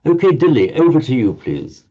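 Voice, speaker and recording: A man's voice: mid-range voice, wildly swooping pitch, moderate pace. A man teaching Pali pronunciation to a group class, patiently correcting students and often repeating words while he searches for the next one. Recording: dull lo-fi audio.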